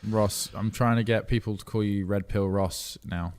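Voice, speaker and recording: A man's voice: fairly low pitch, steady tone, normal speed, a little mellow. A man co-hosting a casual studio podcast, teasing his co-hosts and leaning on fillers like "like" and "you know". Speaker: podcast co-host. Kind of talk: casual chat.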